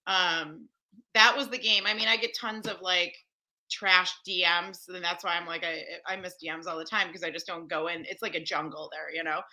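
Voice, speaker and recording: Animated, bright-voiced woman storyteller. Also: on the low side, moderate pace, poor audio. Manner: animated storyteller with frequent fillers. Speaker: podcast guest. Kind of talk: casual chat.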